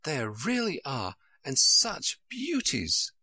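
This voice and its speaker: A man's voice: fairly high pitch, very animated, slow pace, sharp tone, breathy edge, dry recording, voice pushed up, full character voice. A man voicing a polite, curious little girl who pleads eagerly and keeps asking questions.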